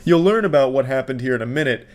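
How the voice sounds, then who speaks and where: A man's voice: mid-range voice, lively intonation, fast. Sarcastic, profane male commentator. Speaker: commentary channel host. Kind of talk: casual reaction commentary.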